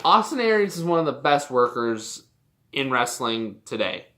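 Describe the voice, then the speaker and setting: A young adult vlogger from Canada rants in a loose, unscripted way, swearing freely and sounding exasperated. The voice is bright and forward, at a middling pitch. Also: very animated, normal speed. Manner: heated, profane, exasperated ranting. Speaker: wrestling commentary vlogger. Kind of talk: casual opinion rant.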